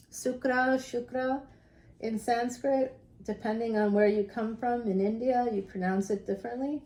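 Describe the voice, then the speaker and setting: A woman's voice: mid-range voice, warm tone, reverberant. A woman giving a casual tarot reading, chatty and rambling, laughing often and talking straight to her viewers. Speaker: tarot reader.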